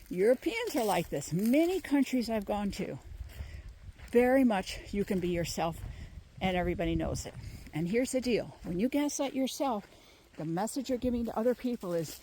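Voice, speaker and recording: A woman healer giving emphatic, animated spoken advice while walking outdoors with her dog. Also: fairly high pitch, moderate pace, slight background noise. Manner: emphatic, animated, mimics others in quoted voices. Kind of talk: casual spoken advice monologue.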